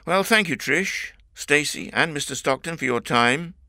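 Courteous male reporter in an audiobook, raised pitch, bright, read by a man. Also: animated, normal speed, no room sound, clean studio sound, heavily acted. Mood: inquiring. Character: polite adult male newspaper reporter. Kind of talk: audiobook character voice.

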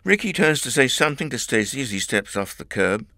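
A man reading a story aloud as narrator in a clear, measured way. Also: medium pitch, sing-song, sharp tone, no echo. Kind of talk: scripted audiobook narration.

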